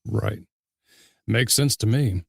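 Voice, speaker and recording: Male podcast host, unhurried, gravelly, short replies and questions. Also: on the low side, no echo, clean studio sound. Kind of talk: casual interview.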